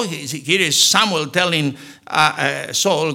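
Male pastor, sermon delivery, high and bright, emphatic, acts out the verses. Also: normal speed, vocal fry. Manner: emphatic, acts out scripture quotes.

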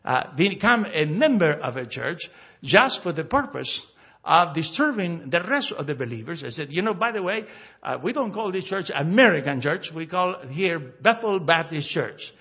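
Emphatic pastor with a bright, husky voice. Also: male voice, fairly high pitch, muffled recording. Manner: slow emphatic scripture reading, many fillers and restarts. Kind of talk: sermon.

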